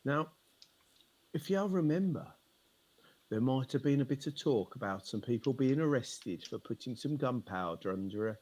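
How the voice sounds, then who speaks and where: A man voicing a shifty Tudor conman who talks in a conspiratorial, wheedling, folksy way, with a husky voice. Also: medium pitch, lively intonation, normal speed, a little mellow, close to an everyday voice.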